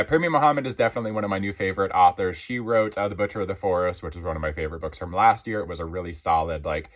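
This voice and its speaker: A man chatting casually about books he loved, a little out of breath as he gets over being sick, filling his talk with lots of "like" and "um". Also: low voice. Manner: rambling, filler-heavy, many "like" and "um". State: out of breath, recovering from illness. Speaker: book reviewer. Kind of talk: casual book review chat.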